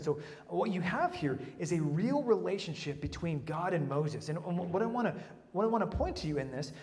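A man preaching a sermon in a lively way, with humorous asides and frequent restarts. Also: high-pitched, a little fast, long reverb tail.

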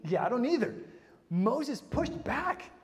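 A man preaching a sermon in a lively way, with humorous asides and frequent restarts. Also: very high-pitched, slow, long reverb tail.

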